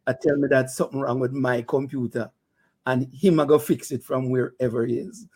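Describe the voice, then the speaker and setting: An older man with a Jamaican accent hosts a casual interview. He jokes easily and stammers through restarts. His questions come out in a relaxed, conversational way. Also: mid-range voice, a little fast, slightly rough. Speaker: interview host.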